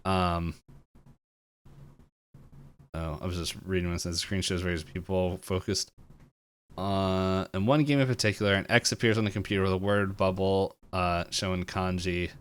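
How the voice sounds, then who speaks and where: A man co-hosting a podcast, retelling a cartoon episode in a casual, animated way and jumping into the characters' lines with laughter. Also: deep voice, moderate pace, clean tone. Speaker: podcast co-host.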